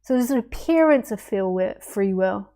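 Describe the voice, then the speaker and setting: A woman teaches non-duality in a spontaneous spiritual talk, speaking at medium pitch and a moderate pace. Playful and animated, she muses aloud with rhetorical questions and small acted-out voices.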